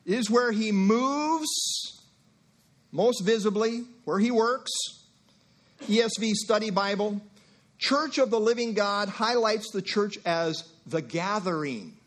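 A male pastor delivers a sermon in a relaxed, conversational way. He breaks off for asides and acts out short exchanges. His voice sits fairly high for a man. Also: takes it slowly. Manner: conversational preaching with asides and acted-out dialogue.

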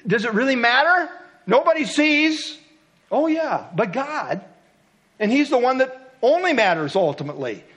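A man preaching an expository sermon in an earnest, reflective way, softening his voice to read a poem and quotations. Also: high-pitched. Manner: earnest, reflective, reads poems and quotes softly. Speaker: pastor.

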